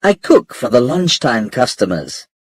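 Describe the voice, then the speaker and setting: A man reads a story aloud for learners, slow and carefully paced. His pitch moves a lot, and his voice is a little breathy. The recording is close and dry. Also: huge pitch swings, no echo. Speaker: narrator. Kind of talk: scripted narration of a graded reader.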